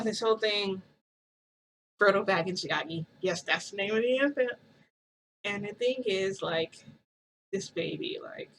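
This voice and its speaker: A woman's voice: lowish voice, noisy background. A woman vlogger casually telling a rambling story to her viewers, full of "like" and side remarks. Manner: rambling, chatty retelling with lots of "like".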